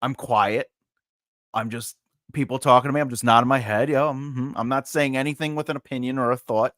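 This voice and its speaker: A man's voice: mid-range voice, a little fast, dry recording, clean studio sound. A man chatting on a live stream, telling a self-mocking story and acting out the people in it. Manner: animated, self-mocking, acts out quoted people. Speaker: regular co-host. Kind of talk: casual storytelling chat.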